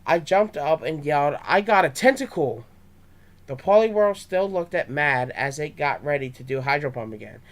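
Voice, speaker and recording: A man's voice: on the high side, normal speed, hardly any pauses. A young man reading his own fan story aloud, with small stumbles and restarts.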